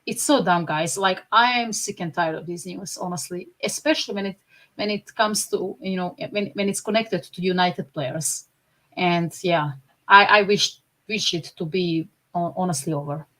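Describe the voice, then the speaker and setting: A woman's voice: fairly low pitch, moderate pace, a bit bright. Blunt, temperamental woman podcast co-host. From Slavic country. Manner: blunt, temperamental, laughs often. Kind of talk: casual chat.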